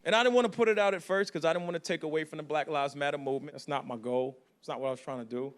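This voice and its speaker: A man doing stand-up comedy, telling a story in an animated, profane way. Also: fairly high pitch, racing, hardly any pauses.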